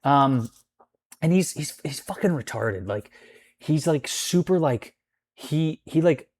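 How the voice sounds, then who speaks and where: A man's voice: on the high side, expressive, takes it slowly, darkish tone. A man ranting casually about a roommate, rambling and swearing with lots of filler words. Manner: profane, rambling, full of "like" fillers. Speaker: vlogger. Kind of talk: casual storytime rant.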